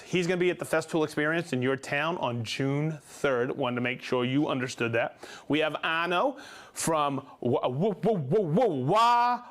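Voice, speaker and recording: A man hosting a live stream, reading viewers' names and hometowns with upbeat excitement and frequent whoops. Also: fairly high pitch. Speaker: livestream host. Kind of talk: live stream shout-outs.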